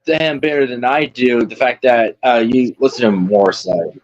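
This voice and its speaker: A man chatting casually on an online stream in a laid-back, halting way. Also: mid-range voice, no echo, dull audio.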